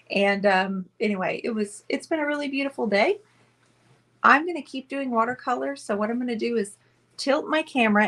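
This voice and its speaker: A woman's voice: fairly high pitch, a bit bright. A woman hosting a casual live painting stream, talking chattily and rambling to viewers while she sits close to the camera at a table indoors. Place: indoors at a table, away from usual setup.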